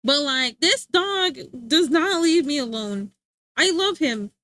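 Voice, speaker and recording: High-voiced, slangy young woman streamer. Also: slow pace, no room sound. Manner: slangy and animated, lots of filler words. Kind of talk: casual chat.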